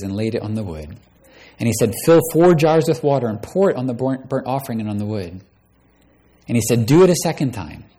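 Man, pastor, sermon, scripture reading, dramatic emphasis, mid pitch. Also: mellow.

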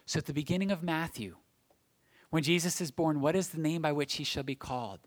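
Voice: mid-range voice, a little fast. A pastor preaching a Sunday sermon, explaining scripture and building to emphatic, rising phrases at key points.

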